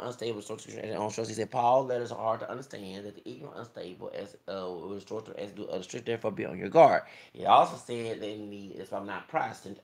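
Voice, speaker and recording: A man's voice: fairly low pitch, vocal fry. A man from Texas with a Southern accent, a YouTuber giving an emphatic, preachy monologue that quotes scripture. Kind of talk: impassioned monologue. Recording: echoey room.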